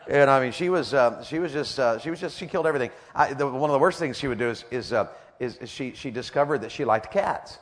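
A middle-aged man preaching a sermon, folksy and repetitive, calling out questions to the crowd. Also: medium pitch. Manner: folksy, repeats lines, calls out to the audience. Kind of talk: sermon with stories.

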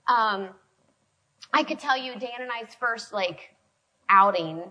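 A woman preaching a sermon in a conversational, storytelling way, with sudden swings in loudness. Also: a little high, lively intonation, takes it slowly, rough recording. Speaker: preacher speaking to a women's group.

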